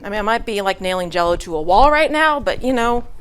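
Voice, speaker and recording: A woman's voice: medium pitch, animated, fast, clean tone. A middle-aged woman telling a story to her church congregation in a chatty way, with laughs, fillers and restarts. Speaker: church speaker. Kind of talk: casual storytelling message to a congregation.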